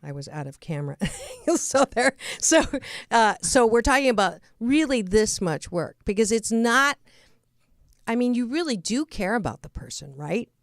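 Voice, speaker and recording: Chatty woman hosting, smooth dry voice. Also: on the high side, sing-song, normal speed, no room sound. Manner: chatty, laughing asides, many restarts. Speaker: host. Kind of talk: radio interview chat.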